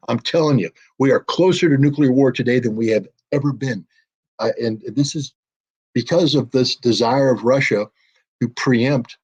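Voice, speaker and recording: Blunt, husky older man. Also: mid-range voice. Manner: forceful, blunt and emphatic, with repeated warnings. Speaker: guest commentator. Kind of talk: impassioned political commentary.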